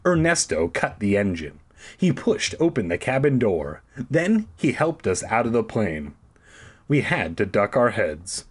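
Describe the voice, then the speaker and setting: A man reading a story aloud for comedy, with sarcastic, profane, deadpan asides. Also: fairly low pitch, measured pace, slightly rough. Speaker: audiobook reader.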